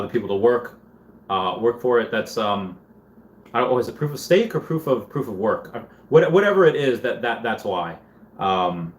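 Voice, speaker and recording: A man hosting a casual livestream, reading chat comments aloud and thinking out loud in a rambling way. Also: lowish voice. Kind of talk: casual live-stream chat.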